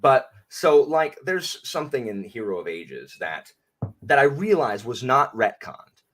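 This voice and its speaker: A man who works as a teacher, a guest on a casual podcast chat, who gets emphatic and animated when he argues a point. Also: medium pitch, a little slow, slight background noise.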